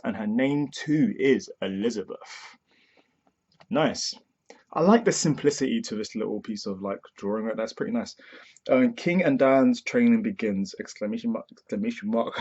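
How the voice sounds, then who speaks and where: A man's voice: mid-range voice, darkish tone, husky. A young man hosting a casual manga reaction review, chatty and profane, laughing at himself as he goes. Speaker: manga reviewer, channel host. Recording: dull lo-fi recording.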